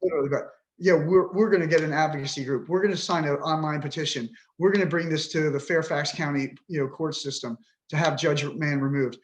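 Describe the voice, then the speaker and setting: A man's voice: a little high, steady tone, brisk, hardly any pauses. A man in his fifties, a podcast guest, talking with frustration and swearing bluntly as he vents. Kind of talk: emotional interview talk.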